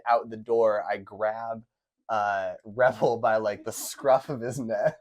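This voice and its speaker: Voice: mid-range voice, steady tone, slow pace, darkish tone. A player describing their raccoon's actions in a tabletop game, laughing often. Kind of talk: in-character tabletop play.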